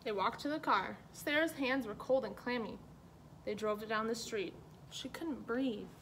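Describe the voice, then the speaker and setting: A woman reading a children's picture book aloud, expressive and paced for young listeners. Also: a little high, measured pace, noisy background. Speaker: storyteller. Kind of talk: children's story read-aloud.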